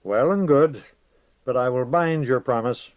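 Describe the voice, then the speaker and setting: A man's voice: mid-range voice, unhurried, close to an everyday voice. A man reading aloud and voicing a stern, secretive village witch woman who speaks in a solemn, commanding way, in a dull lo-fi recording.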